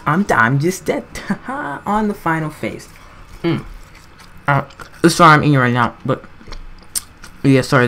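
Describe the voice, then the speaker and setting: A woman's voice: rumbling low, measured pace, slight background noise. A woman giving rambling, self-mocking gameplay commentary, breaking into frantic yelps when things go wrong. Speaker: gaming commentator.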